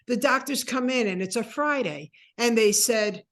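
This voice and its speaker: A woman in her sixties, a guest telling a personal story with animated, acted-out dialogue. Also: on the high side, normal speed, hardly any pauses. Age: 60s. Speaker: interview guest.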